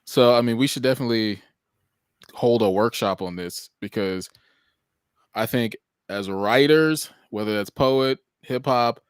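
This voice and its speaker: A man's voice: mid-range voice, a little slow, clear, resonant tone, no echo, studio quality. A man co-hosting a podcast who teaches, talking in a reflective, thinking-aloud way. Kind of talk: casual chat.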